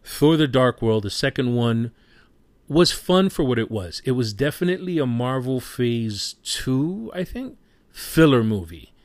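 A man's voice: medium pitch, animated, measured pace, dry recording. A man giving a casual spoken movie review, passionate and rambling, who swears freely.

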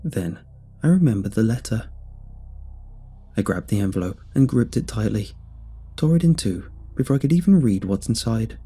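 A man giving steady, measured first-person narration of a scripted horror story. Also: fairly low pitch, breathy edge.

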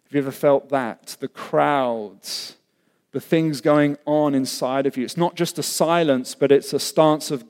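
A man preaching a sermon to his congregation, impassioned, swinging between loud cries and hushed lines. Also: fairly high pitch, a little slow. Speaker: pastor. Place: church hall. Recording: long reverb of a large hall.

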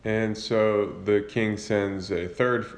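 Low-voiced man casually retelling scripture. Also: fairly even intonation, slow pace. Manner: informal, with fillers and self-corrections. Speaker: Bible reader retelling scripture. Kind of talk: casual Bible summary and commentary.

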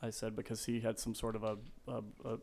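A man in his fifties telling stories in a casual interview, rambling and animated, acting out quotes in a high yell. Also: fast, creaky. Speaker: guest.

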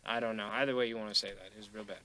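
A man hosting a podcast, telling a story in a casual, profane, animated way. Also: fairly low pitch, racing. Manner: profane, animated storyteller who acts out quotes. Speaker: podcast host.

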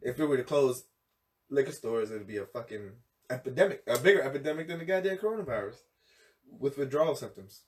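Animated man podcasting from a distant mic. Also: fast. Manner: animated, laughs often, bursts into high squealing impressions. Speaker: podcast co-host. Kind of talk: casual chat. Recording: distant mic with faint noise.

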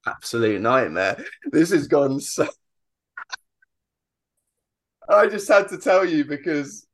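A man hosting an interview, telling an embarrassing story in a lively, self-deprecating way. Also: fairly high pitch, slow. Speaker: podcast host. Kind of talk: casual interview chat.

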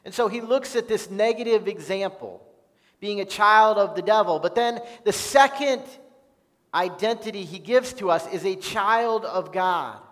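High-voiced guy preaching slow, earnest sermon, big echoey church hall. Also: a bit bright. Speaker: pastor. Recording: long reverb of a large hall.

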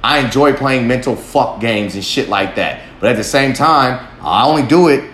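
A man's voice: mid-range voice, lively intonation, normal speed, a bit bright. A man hosting a podcast who talks bluntly and swears constantly in a rambling monologue. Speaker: podcast host. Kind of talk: profane monologue. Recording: echoey room, faint background hum.

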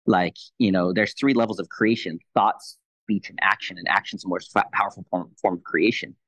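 A man in his thirties with a fairly low voice tells a personal faith testimony on a podcast. He retells a conversation in a quick, animated way, playing out both sides. The sound is dry and close to the mic. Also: no echo, low-quality recording. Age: 30s. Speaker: Christian leader, podcast guest.

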